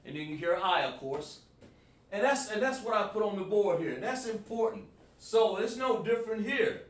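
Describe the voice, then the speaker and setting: A man teaching a live online class, calling on students by name and sounding out syllables slowly at a whiteboard. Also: high voice, fairly bright tone. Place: room with a whiteboard. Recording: echoey room, voice far from the mic.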